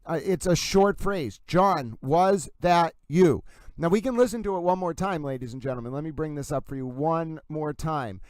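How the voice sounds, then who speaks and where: Insistent Massachusetts man, high smooth voice. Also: brisk, few pauses, dry recording. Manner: emphatic, insistent, repeatedly addresses "ladies and gentlemen". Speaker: livestream host. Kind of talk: courtroom commentary stream.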